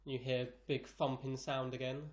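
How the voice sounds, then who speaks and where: A man's voice: medium pitch, monotone, moderate pace. Man narrating as game master.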